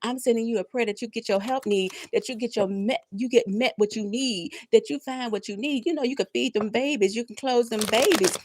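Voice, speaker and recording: A woman's voice: fairly high pitch, brisk, few pauses, slight background noise. A woman in her fifties hosting a live spiritual pep talk, preaching with emphatic repetition and laughing through near tears. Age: 50s. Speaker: tarot reader and live-stream host.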